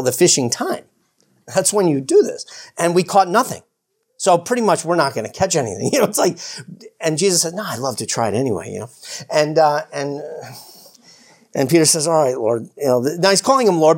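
A man teaching the Bible in a casual, animated way. He often chuckles, restarts his sentences and acts out the characters' lines. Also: a little high. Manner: rambling with many restarts and "you know".

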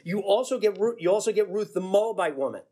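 Slick smooth-talker, put on by a male preacher, husky, salesman patter. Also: sits high, expressive, a little fast, dark tone. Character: slick, smooth-talking man closing a deal.

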